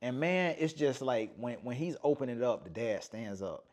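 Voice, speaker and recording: Animated man retelling a film scene. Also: mid-range voice, normal speed. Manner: animated storytelling, acts out movie lines, says "man" often. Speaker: podcast host. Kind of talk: casual podcast chat.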